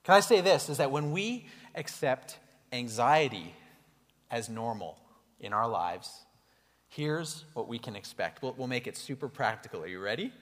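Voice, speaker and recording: A male pastor preaching an animated, conversational sermon to his congregation in a church hall. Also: mid-range voice, moderate pace. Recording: echoey hall reverb.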